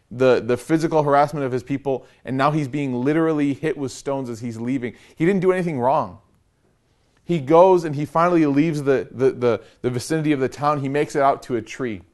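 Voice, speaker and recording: A young man giving an Islamic lecture, telling a story with animated, casual emphasis and rising urgency. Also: mid-range voice. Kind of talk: lecture sermon.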